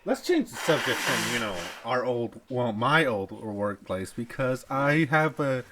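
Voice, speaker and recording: A man's voice: mid-range voice, expressive, a little slow, very noisy. A man co-hosting a casual podcast, answering in short, dry, laid-back replies. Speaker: podcast co-host. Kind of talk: casual chat.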